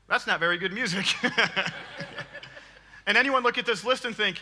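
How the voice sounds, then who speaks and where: Male preacher, 30s, high bright voice, playful storytelling sermon, big church hall reverb. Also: moderate pace, pauses often, a little hiss or hum. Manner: animated, joking, laughs often. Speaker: guest preacher.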